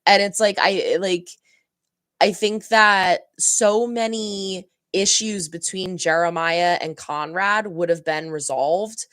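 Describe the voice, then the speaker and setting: A woman's voice: on the low side, steady tone, takes it slowly, a bit bright, no room sound, clean studio sound. A young woman hosting a reaction channel, chatting casually and rambling about a TV episode, laughing often and acting out heated lines.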